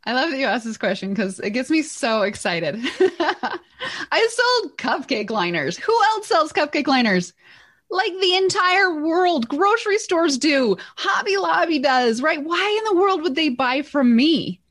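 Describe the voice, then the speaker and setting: A middle-aged woman who co-hosts and runs a business, telling stories in an excited, animated way. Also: sits high, measured pace. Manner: excited, animated storytelling with laughs. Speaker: podcast co-host and business owner. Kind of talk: casual chat.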